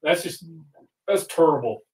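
Rambling high-voiced man, roomy and distant. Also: a little slow. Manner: rambling, fillers, excitable. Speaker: podcast co-host. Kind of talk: casual sports chat.

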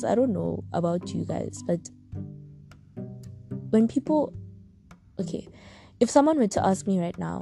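A woman's voice: on the low side, vocal fry, poor audio. A young woman, talking through a personal podcast in a heartfelt, reflective and openly emotional way. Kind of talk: casual personal podcast monologue. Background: guitar music.

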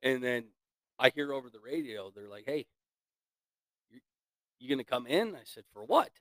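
A man's voice: medium pitch, animated, moderate pace, fairly bright tone, dry recording. Profane laughing storyteller, a man. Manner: profane, laughing storyteller who acts out quotes. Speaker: podcast guest, equipment operator. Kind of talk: casual chat, storytelling.

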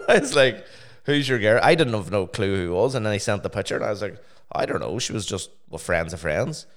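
A young man in casual chat, swearing freely and telling stories with animated quoted voices. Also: fairly low pitch, fairly quick.

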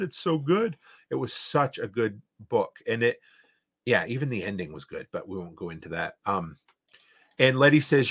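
A man with an Eastern Canadian accent and a mid-range, pushed, bright voice hosts a casual livestream as a podcast host, reading viewer comments aloud and reacting in rambling fashion.

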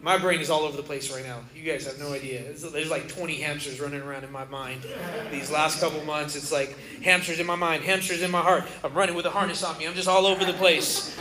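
A man pastor giving an emotional sermon, swinging from loud cries to soft, low passages, in a church. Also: steady tone, fast talker, crowd noise. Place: church sanctuary. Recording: roomy church hall.

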